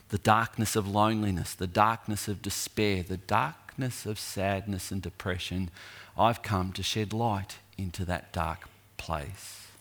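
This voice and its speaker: A middle-aged man preaching a sermon, telling stories with long pauses and building intensity. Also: on the low side, steady tone, a bit bright.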